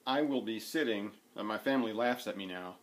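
A man's voice: fairly low pitch, fairly quick. A man vlogging casually about his needlework and other hobbies from home, rambling with plenty of fillers and restarts. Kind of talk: casual rambling chat to camera. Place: at home, sitting indoors.

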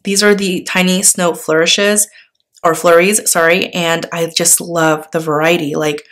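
A woman with a somewhat low voice talks casually as she shows off stickers to her viewers. She gushes with enthusiasm, sprinkling in fillers and little laughs. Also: little pitch movement, unhurried. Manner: gushing, enthusiastic, with frequent fillers and soft laughs. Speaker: sticker haul vlogger. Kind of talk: casual chatty show-and-tell.

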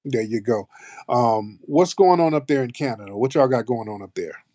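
A man's voice: medium pitch, normal speed, mellow, dry recording, studio quality. An American man hosting a live audio chat, brash and profane, bantering with callers. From United States. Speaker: host of a live audio space.

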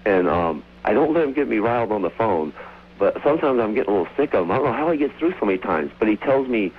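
A man calling in to a radio show, telling rambling, excited stories over the phone. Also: lowish voice, quick pace, slightly rough. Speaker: caller. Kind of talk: casual phone-in storytelling. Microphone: telephone. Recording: tinny phone line.

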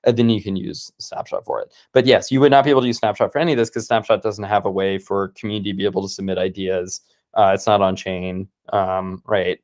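A man's voice: low-pitched, steady tone, darkish tone. A man, a startup founder, explaining his ideas in casual conversation on a video call, enthusiastic and full of "like" fillers. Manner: fast, filler-heavy, enthusiastic with frequent "like". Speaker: startup founder, guest speaker.

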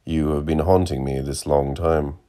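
A man's voice: very deep voice, steady tone, normal speed, mellow. A man voicing an irritable, grandiloquent male traveller with a florid, exasperated way of talking, in a storybook reading. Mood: whimsical.

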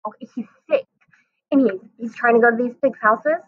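Woman teacher, fairly high voice, lively delivery, lo-fi phone-like recording. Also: a little fast, breathy edge. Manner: animated, talks straight to the kids. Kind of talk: recorded class lesson for children. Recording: tinny phone-like audio.

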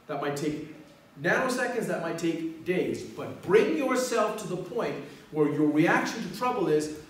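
A man preaching a sermon as pastor, swinging between loud exhortation and quiet, prayerful lines. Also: high voice, expressive, moderate pace. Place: church sanctuary. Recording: echoey hall, mic from far off.

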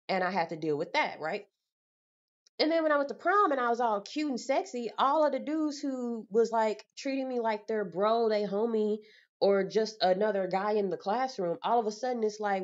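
A woman's voice: medium pitch, normal speed. A young woman vlogging, venting bluntly and with exasperation, full of casual slang. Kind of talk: candid vlog monologue. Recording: slightly dull lo-fi audio.

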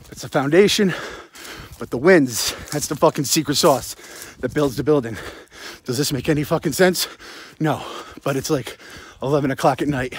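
A man's voice: medium pitch, husky. A young man, out of breath, ranting and swearing about a football game into his phone while jogging outdoors at night. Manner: rambling, sarcastic, heavy swearing. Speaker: sports podcast host. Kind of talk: profane postgame rant while jogging. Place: outdoors at night, running in the cold.

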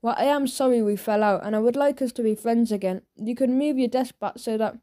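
A woman's voice: on the high side, fairly quick, dark tone, natural voice. Timid boy, hesitant and stammering, as a woman reader puts him on. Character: timid, hurt schoolboy.

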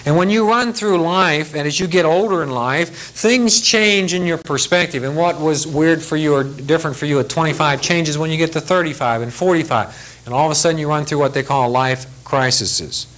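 A man's voice: on the high side, normal speed, fairly bright tone, rough recording. An older man, a retired military aviation safety instructor, giving a blunt, folksy lecture briefing in which he acts out the people he quotes.

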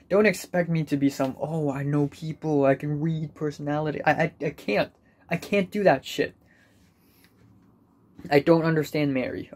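A young man records a personal video diary, rambling anxiously and self-deprecatingly with lots of repetition. His voice is medium in pitch and a little mellow.

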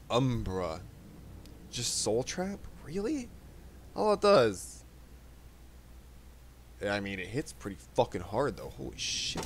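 A man narrating his gameplay in a casual, chatty way, cursing freely and thinking out loud. His pitch moves around a lot as he reacts. A faint hiss sits in the background. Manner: loose, profane, chatty. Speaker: let's play host.

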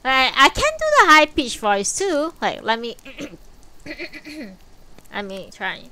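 A woman streamer chatting casually on a live stream, blunt and dry, swearing freely and low on energy. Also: expressive, measured pace, bright, forceful tone, slight background noise.

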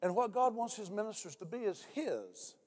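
An older man preaching a sermon to a church congregation, dropping his voice low when he tells stories. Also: big pitch swings, moderate pace, darkish tone. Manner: storytelling preacher, voice drops low for quoted speech. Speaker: pastor. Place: church sanctuary.

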